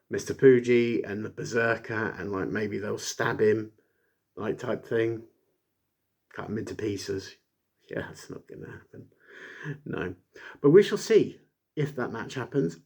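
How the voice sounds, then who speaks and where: A man casually reviewing an old wrestling show, rambling with many fillers and jokey asides. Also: lowish voice. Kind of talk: casual chat.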